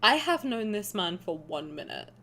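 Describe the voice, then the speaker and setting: A young woman streamer playing a story game, reading the narration aloud and reacting in a chatty, animated way, often laughing. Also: medium pitch, normal speed, slight background noise.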